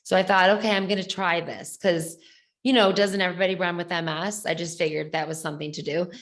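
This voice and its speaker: Chatty woman podcast host, low voice. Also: steady tone, fast talker. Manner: chatty and self-deprecating. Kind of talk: casual roundtable chat.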